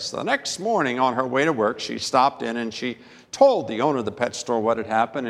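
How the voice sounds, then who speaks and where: A man preaching a sermon as pastor, telling a story slowly and emphatically with dramatic pauses, recorded in a church sanctuary. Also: mid-range voice, gravelly, fairly bright tone. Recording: long reverb of a large church hall.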